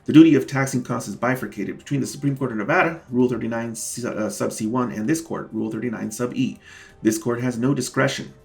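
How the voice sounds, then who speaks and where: A man with an ordinary mid-range pitch and a noticeably gravelly, creaky edge explains his court filings to viewers in a casual vlog. He talks straight to his audience, gets indignant and leans hard on repeated words for emphasis. Faint music plays underneath. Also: quick pace. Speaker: self-represented litigant and channel host.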